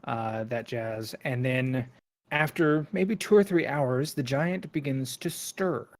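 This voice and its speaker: A man's voice: mid-range voice, slow pace. A man narrating as game master of a tabletop game, talking casually with many fillers.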